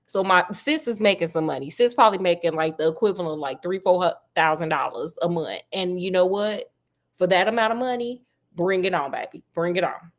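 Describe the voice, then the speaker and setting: A woman's voice: fairly low pitch, lively intonation, brisk. A woman casually retelling a classic detective story with slang and teasing asides.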